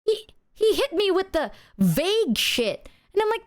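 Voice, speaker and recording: A woman streamer telling a story to her chat in a casual, animated way, swearing freely. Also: very high-pitched, measured pace.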